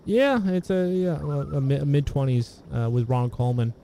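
A man chatting casually about old films, meandering and halting, often restarting his sentences. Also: mid-range voice, animated, dark tone, a little hiss or hum. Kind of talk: casual film discussion.

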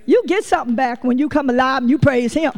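A woman preacher with a high voice talks fast during her sermon. She tells lively, folksy stories and calls out directly to her congregation.

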